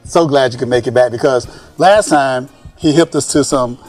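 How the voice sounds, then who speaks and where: A man's voice: mid-range voice, normal speed, darkish tone, faint music behind. A man hosting a casual podcast, talking in a hyped, joking way and swearing freely. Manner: hype, jokey, swears freely. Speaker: podcast host.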